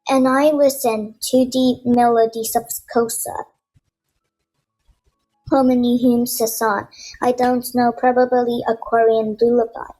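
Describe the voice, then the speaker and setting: Woman, audiobook narrator, first-person storytelling, slow, measured, a bit high. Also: a little mellow, poor audio.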